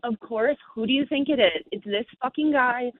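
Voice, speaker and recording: A woman calling in, telling her story in an animated, casual way with plenty of swearing, heard over a tinny phone line. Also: a little high, normal speed, no echo. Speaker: caller. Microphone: phone call.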